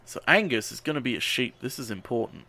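A man's voice: mid-range voice, sing-song, quick pace, gravelly, bright, forceful tone. A man on a podcast casually recapping a movie, swearing and rambling with lots of ums and uhs. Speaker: podcast host.

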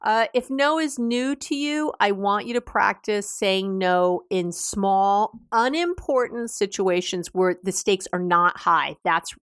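A woman's voice: mid-range voice, slow pace, hardly any pauses, a bit bright, no room sound, studio quality. A woman hosting an advice podcast, who talks casually, laughs often and restarts and repeats her words. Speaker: podcast host.

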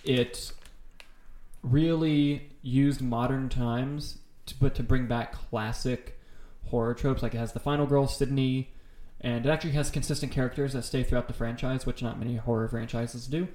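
A man's voice: medium pitch, steady tone, normal speed, a little mellow. Man, casual podcast chat, enthusiastic, rambling, swears a lot, echoey room. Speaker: podcast co-host. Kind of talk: casual chat about horror films. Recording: roomy echo.

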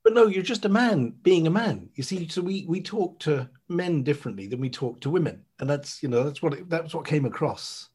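Breathless Irish man, husky voice. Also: a little high, a little fast, few pauses. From Ireland. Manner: animated, laughing storyteller who mimics others. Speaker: guest. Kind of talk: casual podcast chat.

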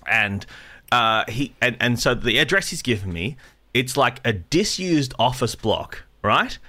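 A man's voice: mid-range voice, big pitch swings, unhurried, sharp tone. A man telling a rambling, self-deprecating comic story, swearing often and sounding anxious. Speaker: podcast co-host telling a story. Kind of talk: casual comedic storytelling.

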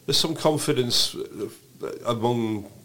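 A man's voice: medium pitch, slow, a bit bright. A man co-hosting a casual political chat podcast, musing with frequent restarts and rhetorical questions. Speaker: podcast co-host.

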